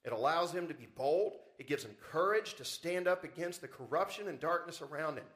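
A man's voice: fairly high pitch, lively intonation, brisk, a bit bright. Preaching man, emphatic sermon delivery. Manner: preaching with rising emphasis and rhetorical questions. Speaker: pastor. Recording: church service audio recording.

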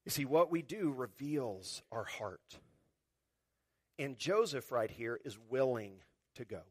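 A man's voice: mid-range voice, lively intonation, slow, breathy edge, dry recording, studio quality. A man preaching a sermon in a conversational way, with wry humor and quotes he acts out.

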